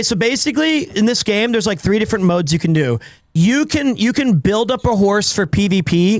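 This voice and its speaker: A man's voice: high voice, no room sound, clean studio sound. A man chatting casually on a gaming live stream, telling rambling stories with lots of restarts. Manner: rambling anecdotal storytelling with many restarts.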